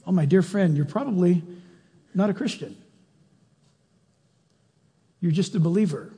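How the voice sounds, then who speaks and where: A man preaching a sermon in an animated way, with quick swings in pitch and volume and rhetorical questions. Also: husky, long reverb tail.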